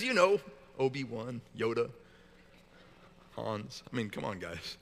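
A man's voice: medium pitch, sing-song, a little slow, gravelly, long pauses, fairly bright tone, big-room sound. A man preaching a sermon as pastor, talking in a casual, joking way with frequent stumbles and restarts. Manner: conversational and joking, with many repeated restarts.

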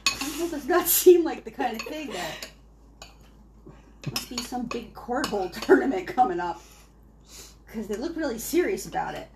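Playful high-voiced mom at dinner. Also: female voice, lively intonation, normal speed, long pauses, noisy background. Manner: playful, laughs a lot, acts out silly voices. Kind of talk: casual family chat.

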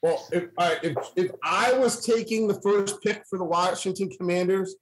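A man's voice: sits high, moderate pace, noisy background. A man on a sports talk panel, laying out his opinions bluntly and with emphasis in a casual debate.

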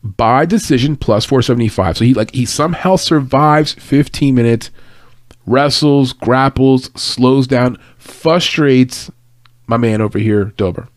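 Male host for a fight-picks show, mid-pitched, chatty and emphatic, dead dry close mic. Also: measured pace, dry recording. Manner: hyped, emphatic and punchy in the picks; loose, rambling and conversational. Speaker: host giving fight picks and betting tips. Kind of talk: casual podcast breakdown. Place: home office at a computer. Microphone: desk mic, no edits.

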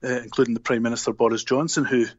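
A man's voice: medium pitch, steady tone, very fast, no room sound. Glaswegian man on a muffled phone line. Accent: Glaswegian Scottish. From Scotland. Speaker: podcast guest. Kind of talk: casual chat over the phone.

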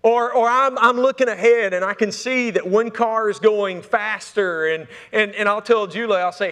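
A man's voice: high-pitched, lively intonation, normal speed, hardly any pauses, a bit bright. Man preaching in a reverberant church. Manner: conversational, repeats words, asks the congregation questions. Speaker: pastor. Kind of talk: sermon. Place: church sanctuary. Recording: long reverb of a church hall.

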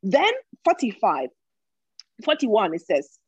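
Husky-voiced woman preaching a sermon. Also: mid-range voice, sing-song, slow, no room sound. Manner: repeats phrases for emphasis. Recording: dull lo-fi recording.

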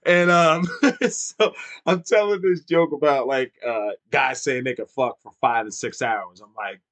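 A man's voice: medium pitch, measured pace, a bit bright. A man in his thirties telling a funny childhood story in casual chat, swearing freely and laughing often. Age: 30s.

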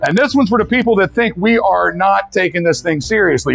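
A man's voice: high voice, animated, fairly quick, creaky, crowd noise. A man leading a recovery group with an earnest, preacherly talk, calling for answers from the room. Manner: earnest, preacherly, leads call-and-response.

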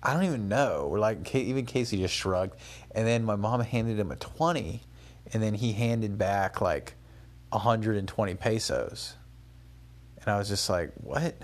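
A man's voice: lowish voice, normal speed. A young man talking through his day as a casual spoken travel diary, rambling and conversational, with many fillers and restarts. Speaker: travel vlogger.

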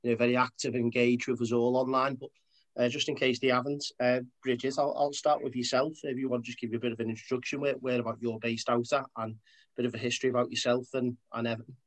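A man's voice: mid-range voice, little pitch movement, quick pace, low-quality recording. A man hosting a casual interview, asking long, rambling, friendly questions. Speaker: podcast host.

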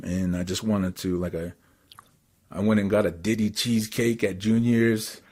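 A man from Canada telling a story in casual chat, excitable and rambling with lots of fillers. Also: lowish voice, normal speed.

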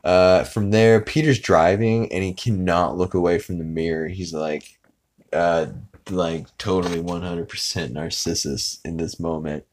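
A man with a very low voice casually recapping a cartoon episode for his podcast. He rambles and stays animated throughout. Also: a little slow. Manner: rambling and animated, acts out character lines. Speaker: podcast host.

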